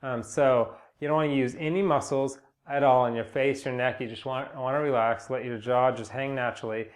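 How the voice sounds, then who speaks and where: A young man giving a casual spoken singing lesson, relaxed and rambling, with many fillers and restarts. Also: mid-range voice, fairly quick. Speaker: singing teacher. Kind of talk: casual spoken vocal lesson with sung demonstrations.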